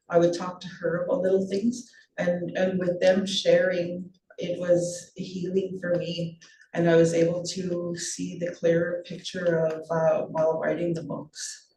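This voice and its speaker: A woman author speaking gently and reflectively to an audience at a book launch. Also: lowish voice. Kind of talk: casual talk to an audience. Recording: roomy sound from a distance.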